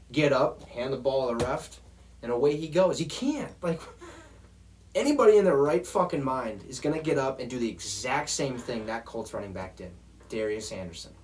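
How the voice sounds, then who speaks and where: Man, sports show host, swearing football rant, mid-pitched voice. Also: a little hiss or hum. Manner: profane, exasperated, talks straight to viewers.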